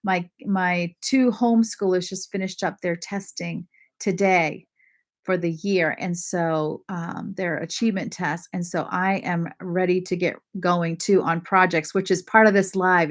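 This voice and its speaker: A woman from Maine hosting a casual livestream, chatting warmly with viewers, often apologizing and laughing as she reads their comments. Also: on the low side, steady tone, measured pace. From Maine, USA. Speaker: lifestyle channel host.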